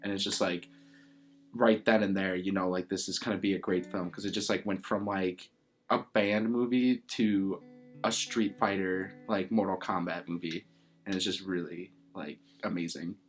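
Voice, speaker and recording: A man's voice: low voice, steady tone, moderate pace, soft background music. A young man being interviewed about a favorite film, talking in a rambling, enthusiastic way with lots of "like" fillers.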